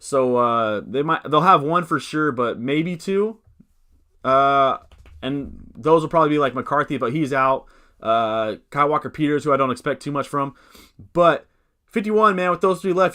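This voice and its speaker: A man's voice: on the high side, moderate pace, bright, forceful tone. A man hosting a fantasy football live stream, answering chat questions in a rambling, upbeat way that keeps correcting itself.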